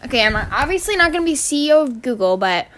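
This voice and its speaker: A woman's voice: high-pitched, big pitch swings, quick pace, a bit bright. A teenage girl ranting casually on her podcast, exasperated and swearing, rambling with restarts. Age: teens. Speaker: student podcaster.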